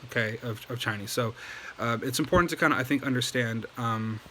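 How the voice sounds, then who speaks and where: A man's voice: medium pitch, brisk, sharp tone, slight background noise, rough recording. A man giving a casual language lesson at home at night, patiently explaining and checking in with okay after each point. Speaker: Chinese language teacher.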